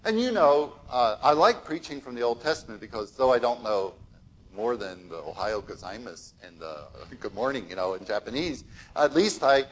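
An older man preaching a sermon, telling a Bible story in an animated way and acting out the voices of the people in it. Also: mid-range voice, normal speed, poor audio.

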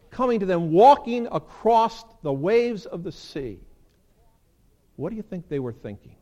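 A pastor delivering a Sunday sermon in a somewhat high male voice. He is lively and theatrical, and his voice leaps upward whenever he plays out a quotation. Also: a little slow. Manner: animated, acts out quoted lines with big jumps in pitch.

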